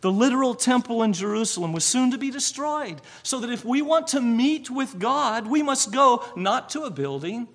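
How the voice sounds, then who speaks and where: A man's voice: high voice, a bit bright. A man preaching a sermon, asking rhetorical questions and answering them himself.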